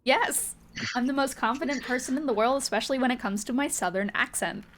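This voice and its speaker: A woman's voice: sits high, fairly quick, fairly bright tone. Giggly, foul-mouthed woman game master. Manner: casual and giggly, swears freely. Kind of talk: casual recap, then descriptive game narration.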